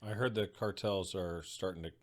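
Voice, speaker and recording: Deep-voiced male podcast host. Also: fairly even intonation, normal speed. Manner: brief, supportive interjections. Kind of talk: interview conversation.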